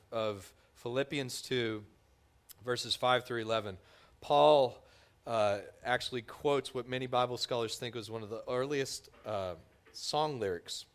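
A man preaching a sermon, telling the story with lively voices for its characters. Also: mid-range voice, clean tone. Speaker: pastor.

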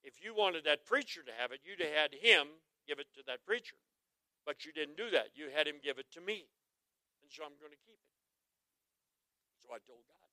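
A man preaching a humorous sermon, telling folksy stories and asking the crowd to answer him, swinging from quiet asides to loud exclamations. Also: fairly high pitch, expressive, normal speed, pauses often, no room sound, low-quality recording. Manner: folksy, joking, asks the crowd for responses. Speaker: traveling evangelist.

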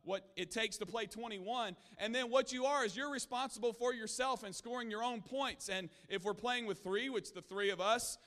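A man's voice: very high-pitched, normal speed, hardly any pauses, a bit bright, in a large hall. A man preaching a sermon in a church, telling stories earnestly with frequent restarts. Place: church sanctuary.

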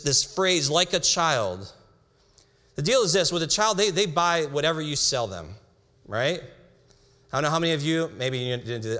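A young man preaching a sermon, reading scripture slowly with emphasis and breaking into casual asides. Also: on the high side, a bit bright. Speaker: pastor. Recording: hall reverb.

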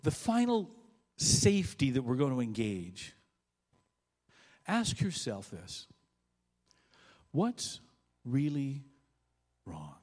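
A male pastor preaching a sermon, swinging from loud bursts to quiet, low asides. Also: wildly swooping pitch, slow pace, pauses often. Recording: long hall reverb.

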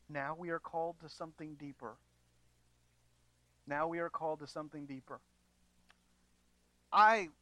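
A pastor preaching a sermon to his congregation, moving from quiet, measured passages to emphatic, raised appeals. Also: mid-range voice, no room sound, poor audio. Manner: earnest preaching, swings between quiet and emphatic.

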